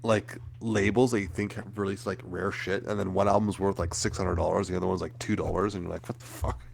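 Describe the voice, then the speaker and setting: A man's voice: low voice, steady tone, a little fast, vocal fry. A man co-hosting a podcast in casual chat, laid-back, laughing often and swearing freely. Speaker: podcast co-host.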